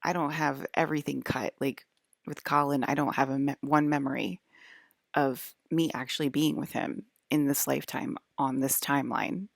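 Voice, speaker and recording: A woman's voice: extremely low pitch, fairly even intonation, normal speed, gravelly, no echo, studio quality. A woman vlogger talking in a casual, rambling monologue, hesitant and full of fillers.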